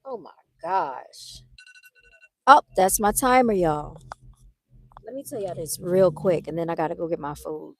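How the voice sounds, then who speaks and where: A woman telling a story on a casual livestream, animated, talking straight to her viewers into a phone. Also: on the low side, a little slow, pauses often. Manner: animated, addresses viewers as "y'all". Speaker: vlogger. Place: outdoors by a car, then moving inside.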